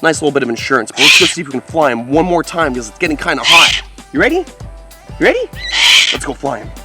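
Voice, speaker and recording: A young man hosting a wildlife vlog outdoors, talking with excited, upbeat enthusiasm about his work. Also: medium pitch, rapid-fire, music in the background. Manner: excited, upbeat, exclaims how amazing things are. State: out of breath. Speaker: wildlife vlogger. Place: outdoors by a lake.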